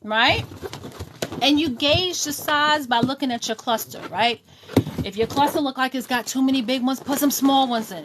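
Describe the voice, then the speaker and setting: Chatty Brooklyn woman, high voice. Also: background noise. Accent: New York. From Brooklyn, New York. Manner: chatty, gives sassy warnings, talks to viewers by name. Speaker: balloon decor tutorial host. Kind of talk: casual live-stream tutorial.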